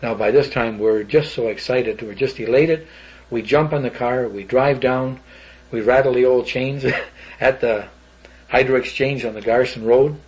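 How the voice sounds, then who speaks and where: Husky older man telling stories. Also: medium pitch, normal speed, lo-fi sound. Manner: animated, rambling storyteller. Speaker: interviewee. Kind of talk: recounting an old story.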